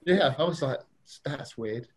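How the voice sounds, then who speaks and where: A man's voice: mid-range voice, animated, a little slow, husky. Chatty man telling stories. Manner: chatty, laughing, acts out quoted voices. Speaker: podcast guest. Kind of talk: casual anecdote telling.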